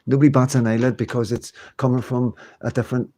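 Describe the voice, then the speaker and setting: Man in his fifties hosting a home livestream, loose and chatty, reads out comments, quick to laugh. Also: medium pitch, level tone, warm tone. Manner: chatty, rambling, laughs often. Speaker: livestream host. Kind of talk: casual livestream chat reading comments.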